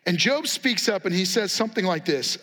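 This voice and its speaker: A pastor preaching a sermon, telling a story in an animated way and acting out its quotes with sarcasm. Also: male voice, sits high, brisk.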